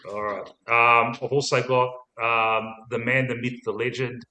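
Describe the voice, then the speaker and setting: A man with an Australian accent hosting a casual live stream, matey and quick to swear. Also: mid-range voice, flat delivery, sharp tone, slight background noise. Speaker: host. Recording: echoey room.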